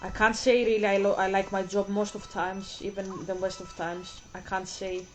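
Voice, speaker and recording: A woman's voice: mid-range voice, flat delivery, moderate pace, faint music behind, poor audio. A woman hosting a reaction video, rambling and exasperated as she stumbles over her words. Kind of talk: casual reaction commentary.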